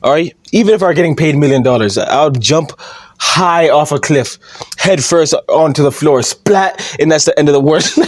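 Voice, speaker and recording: A man's voice: on the high side, animated, brisk, dry recording, clean studio sound. Mocking, profane man ranting. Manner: mocking and profane, laughs at own jokes, keeps asking "all right?". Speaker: wrestling commentary YouTuber. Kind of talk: ranting vlog monologue.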